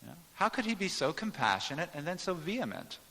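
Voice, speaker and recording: A man's voice: fairly high pitch, very animated, fast talker, gravelly, bright, forceful tone, big-room sound. A man preaching a sermon, teaching in an emphatic way and explaining Greek words to the congregation. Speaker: pastor.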